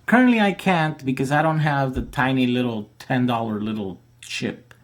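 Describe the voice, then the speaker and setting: A man's voice: medium pitch, moderate pace. A man hosting a casual live Q&A stream, chatting loosely with plenty of fillers and restarts as he reads out viewer questions.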